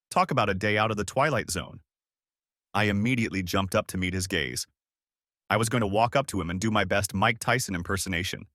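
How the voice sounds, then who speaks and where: Low-voiced man narrating a story. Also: a bit bright, dry recording, studio quality. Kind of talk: first-person story narration.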